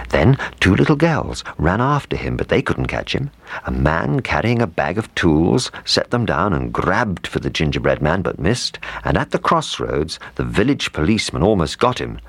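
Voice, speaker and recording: A man telling a children's storybook with an animated, expressive delivery. His voice is extremely deep, yet it rises and falls a great deal. The sound is close and dry. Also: dry recording. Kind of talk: storybook narration.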